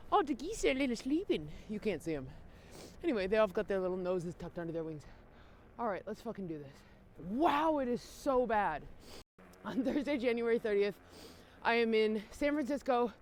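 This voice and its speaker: Woman comedian, wry, self-mocking, cold and teary, talking to a phone camera while biking outdoors, faint background noise. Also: on the high side. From Minnesota. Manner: wry, self-deprecating, swears casually. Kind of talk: casual vlog talk to camera.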